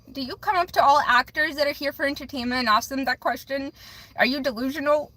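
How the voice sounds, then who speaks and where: Woman streamer, high bright voice, rambling and restarting, soft-swears with "flip". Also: fast talker. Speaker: livestream host doing readings for viewers. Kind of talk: emotional casual livestream talk.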